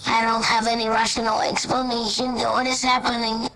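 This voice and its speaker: A woman voicing a baby lion cub who sends a slow, repetitive, earnest message as if over a radio. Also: a little high, little pitch movement, sharp tone, rough recording.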